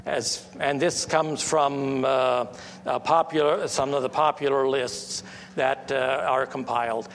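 Slow-talking man in an echoey hall. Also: medium pitch, steady tone, a little hiss or hum. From United States. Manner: halting, many restarts and fillers, rises when stressing a point. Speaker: Christian speaker. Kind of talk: informal teaching monologue. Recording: long echoey reverb.

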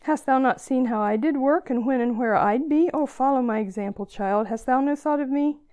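A woman reciting the gentle, tender words of God as a loving father in a poem. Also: high voice, moderate pace, close to an everyday voice. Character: tender divine father speaking in old verse.

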